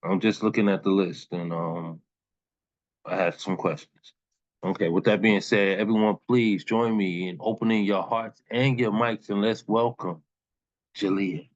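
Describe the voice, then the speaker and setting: A man's voice: lowish voice, steady tone, unhurried, dry recording, dull audio. A man hosting an open mic on a video call, talking in a laid-back, playful, slangy way.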